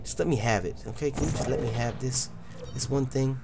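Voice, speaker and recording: A man hosting a let's play, commenting loudly and profanely, often yelling at the game. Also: medium pitch, brisk, heavy background noise. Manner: loud, profane, excitable, yells at the game. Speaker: gaming channel host.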